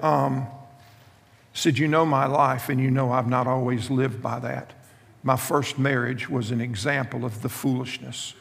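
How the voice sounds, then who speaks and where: Gravelly preacher in a reverberant hall. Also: male voice, mid-range voice. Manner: storytelling with humor, repeats key lines. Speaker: pastor. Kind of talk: sermon.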